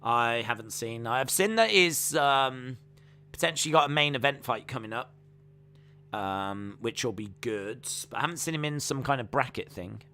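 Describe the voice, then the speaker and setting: With a medium-pitched, bright, forceful voice and lively intonation, a man hosts a live-streamed fight watch-along at a moderate pace. He talks with viewers, reads their comments, and calls the action play-by-play, with slight background noise present.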